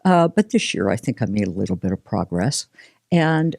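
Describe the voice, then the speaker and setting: A woman's voice: extremely low pitch, sing-song, moderate pace, gravelly, a little mellow, no echo, studio quality. An older woman co-hosting a casual podcast conversation, telling stories expressively and laughing often. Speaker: podcast co-host.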